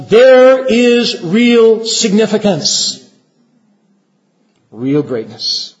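A man preaching a sermon to fellow ministers, earnest and measured, his voice sinking low at the end of phrases. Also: lively intonation. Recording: dull lo-fi recording.

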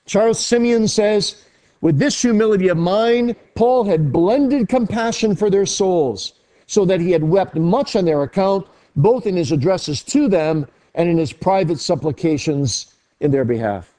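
A man pastor preaching a sermon earnestly, his voice rising and dropping sharply in pitch and loudness. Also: animated, unhurried.

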